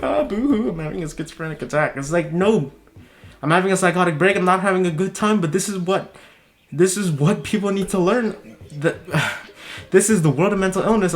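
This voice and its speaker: A man talking in a casual commentary vlog, heated and swearing, his voice jumping high when he is worked up. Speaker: video commentator.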